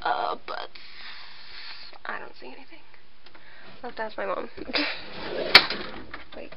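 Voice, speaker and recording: A woman's voice: high-pitched, creaky. A teenage girl vlogging at home, rambling and laughing at herself. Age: late teens. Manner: rambling, self-deprecating, filler-heavy. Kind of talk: casual vlog chat. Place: at home indoors. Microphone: webcam. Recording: dull lo-fi webcam audio with noise.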